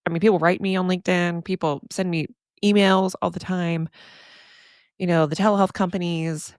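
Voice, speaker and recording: A woman therapist hosts her podcast, chatting casually yet emphatically, laughing often, tossing in asides, and frequently saying "y'all." Her voice is on the low side and darkish, with fairly even intonation and a moderate pace, recorded at studio quality with no echo.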